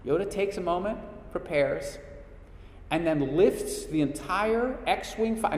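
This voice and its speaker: A man's voice: high-pitched, expressive, measured pace. Middle-aged guy hosting a spiritual talk, chatty, lots of restarts, roomy echo. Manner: chatty storyteller, frequent restarts and fillers. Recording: echoey hall reverb.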